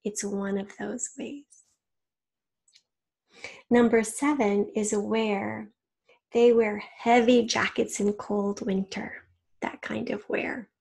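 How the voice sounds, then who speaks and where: Woman, teacher, spelling test dictation, slow and careful, husky, slightly gravelly. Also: medium pitch, fairly even intonation, a little mellow. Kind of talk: recorded spelling test for children.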